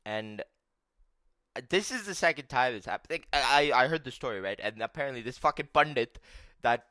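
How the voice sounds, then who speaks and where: A young man telling stories on his vlog in a casual, profane, animated rant. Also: mid-range voice, fast, no room sound. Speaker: vlogger.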